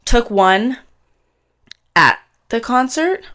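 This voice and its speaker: A woman in her twenties from Canada, co-hosting a podcast in casual chat, telling an animated story and acting out what people said. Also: a little high, very slow. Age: 20s. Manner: animated storytelling, acts out quotes. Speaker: podcast co-host.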